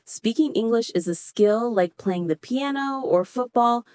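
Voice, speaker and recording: A woman teaching English in a scripted dialogue, speaking slowly and clearly with deliberate phrasing. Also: on the high side, expressive, a little mellow, no room sound. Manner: slow, clear, deliberate delivery.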